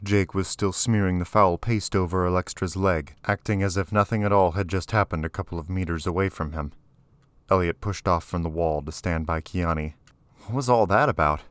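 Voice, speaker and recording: A man narrating an audiobook in a steady, even storytelling manner. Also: deep voice, moderate pace, clear, resonant tone, no room sound. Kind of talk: scripted narration.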